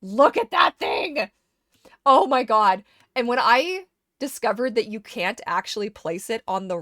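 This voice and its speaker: A woman streamer casually chatting to herself while sorting items in a game, getting animated when something excites her. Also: mid-range voice, dry recording, studio quality. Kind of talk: casual gameplay chat.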